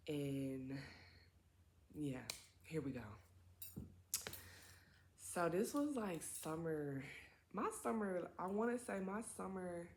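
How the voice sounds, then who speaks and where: A young woman with a low voice tells a story on her vlog. Her talk is slangy and full of swearing, with chatty side comments. Faint noise sits behind her. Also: darkish tone. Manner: slangy, profane, chatty asides. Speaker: vlogger. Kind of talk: casual storytime.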